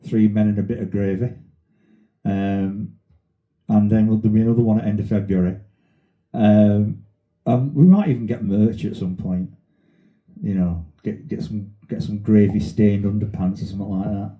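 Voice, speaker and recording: A man's voice: lowish voice, steady tone, normal speed, phone-quality sound. A man with a Sheffield accent hosting a casual podcast, telling rambling, sweary stories. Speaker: podcast host. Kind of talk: casual banter.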